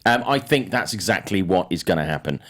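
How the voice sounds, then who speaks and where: A British podcast host with a low voice talks fairly quickly, hosting a casual panel chat about film news. He's animated and rambles with plenty of fillers.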